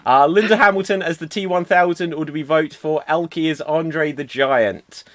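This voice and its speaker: A man's voice: on the high side, moderate pace, a bit bright, dry recording. A man hosting a streamed improv show, announcing games and reading comments. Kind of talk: livestream hosting.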